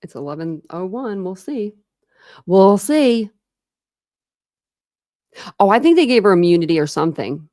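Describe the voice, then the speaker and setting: A woman's voice: medium pitch, sing-song, unhurried, long pauses, a little mellow, dry recording, studio quality. A young adult woman from the United States hosting a casual true crime live stream, chatting and answering viewer comments. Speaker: true crime channel host.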